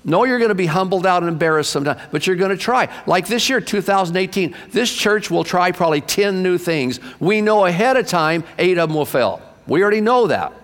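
A man in his sixties preaching a sermon to his church, impassioned, swinging from loud bursts to hushed low asides. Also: animated, fairly quick, hardly any pauses. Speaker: pastor. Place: church sanctuary. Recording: long reverb of a church hall.

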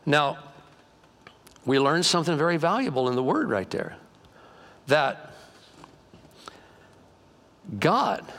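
A male pastor preaching a conversational sermon in a church, animated and folksy, joking and acting out quotes. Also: mid-range voice.

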